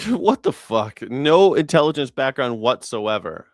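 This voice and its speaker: A man's voice: mid-range voice, big pitch swings, a little slow, no room sound, studio quality. A man hosting a news reaction show, talking in a casual, profane and sarcastic rant. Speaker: host.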